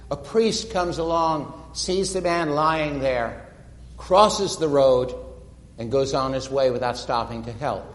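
A man preaching a sermon, retelling stories dramatically and slowing down for emphasis. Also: a little high. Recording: echoey hall reverb.

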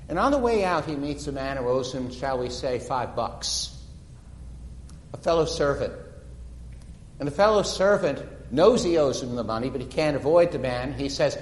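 A man preaching a sermon, retelling stories dramatically and slowing down for emphasis. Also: mid-range voice, lively intonation, a little hiss or hum. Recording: echoey hall reverb.

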